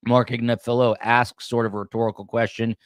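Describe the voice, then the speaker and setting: A man's voice: medium pitch, flat delivery, a little fast, smooth, dry recording, studio quality. A man hosting a true crime show, giving commentary as he reads out quotes and adds his own asides. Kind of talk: commentary on a court case.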